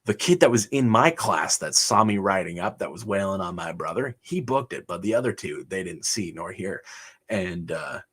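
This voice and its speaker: A man's voice: deep voice, animated, moderate pace, a bit bright, husky. A man on a livestream, telling his life story casually, chuckling often and rambling with fillers. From Canada. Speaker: livestream host.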